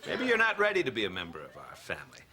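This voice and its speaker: A pompous deadpan anchorman. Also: on the low side, rapid-fire, exaggerated voice. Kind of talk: sitcom acting. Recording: noisy TV episode with clicks.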